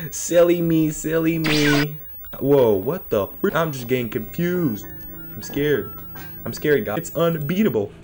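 A young man talks through a horror game in a middle-pitched voice, jumpy and joking, laughing nervously and talking to the game and his viewers. Faint music plays behind him. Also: animated, a little slow. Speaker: gaming YouTuber. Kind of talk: horror let's play commentary.

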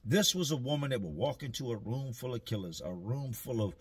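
Laid-back male storyteller, husky voice, slangy and dry. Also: medium pitch, expressive, fairly quick. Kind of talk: casual storytelling.

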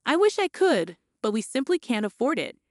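A woman's voice: high-pitched, sing-song, moderate pace, darkish tone, dry recording, studio quality, pitched above the performer's own voice. A woman voicing a meek, apologetic elderly mother in a storybook tale.

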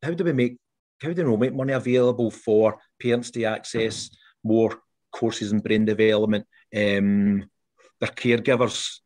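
Animated Scottish man explaining. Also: on the low side. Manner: animated, explanatory, frequent restarts. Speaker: teacher. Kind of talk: explaining in a video interview.

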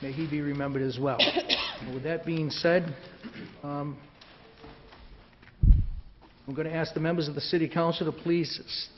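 A man with a cold-roughened, raspy voice leads formal proceedings in a council chamber. He speaks haltingly, with fillers and restarts. The recording sounds dull and carries a faint hiss. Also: fairly high pitch, fairly even intonation. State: hoarse from a cold. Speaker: council president running the ceremony.

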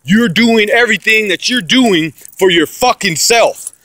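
Brash profane man ranting, bright voice. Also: unhurried, no room sound. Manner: aggressive, profane, repetitive ranting; swings between loud shouting and low muttering. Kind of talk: profane religious rant to camera.

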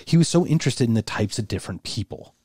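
A man's voice: medium pitch, animated, fast talker, a little mellow, breathy edge, no echo, clean studio sound. A man co-hosting a podcast in casual conversation, thinking aloud with restarts and emphatic asides. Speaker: podcast co-host.

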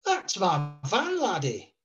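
A man voicing his loud, boastful older father, telling an outrageous yarn in a raised voice. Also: sits high, huge pitch swings, takes it slowly, highs cut off, pitched above the performer's own voice, full character voice. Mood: excited, insistent. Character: boisterous older Scottish dad, yarn-spinner.

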